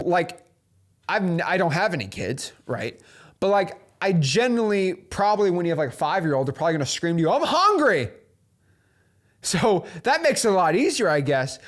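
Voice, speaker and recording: A man hosting a motivational business talk, animated and preachy, sprinkling his speech with "like" and "okay?". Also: high voice. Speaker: host.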